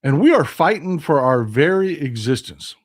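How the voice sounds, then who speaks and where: A man with a Texan accent hosting a casual political live stream, reading viewer comments and swinging from loud outrage to quiet, hushed replies. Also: fairly high pitch, big pitch swings, moderate pace.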